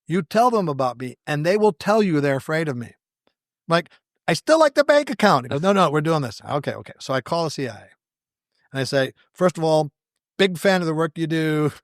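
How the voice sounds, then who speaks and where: A podcast guest with a fairly high-pitched voice tells anecdotes at a brisk pace in a clean, studio-quality recording with no room sound. He's an animated storyteller, acting out quoted dialogue with wry, self-deprecating humor.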